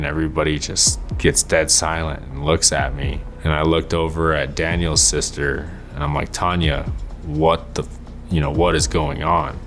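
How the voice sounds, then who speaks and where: A young man recounting a painful memory in a documentary interview, halting and stumbling over his words. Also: a bass voice, fairly bright tone. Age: young adult. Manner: halting, with restarts and fillers. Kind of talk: emotional personal recollection. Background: faint music.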